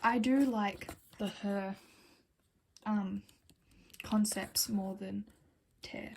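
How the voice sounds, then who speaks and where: A woman's voice: medium pitch, steady tone, very slow, gravelly, long pauses, slight background noise, poor audio. A woman chatting casually to camera as a vlogger, giggly and rambling, often slipping into whispered asides and little apologies. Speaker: vlogger reviewing album collection.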